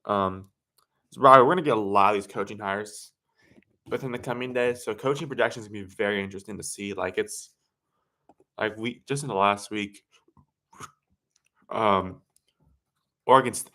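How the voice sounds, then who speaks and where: Casual male sports-stream host with a lowish voice, loose and rambling, lots of fillers and restarts. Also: bright, forceful tone. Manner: rambling, halting, self-correcting with many fillers. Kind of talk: casual livestream commentary.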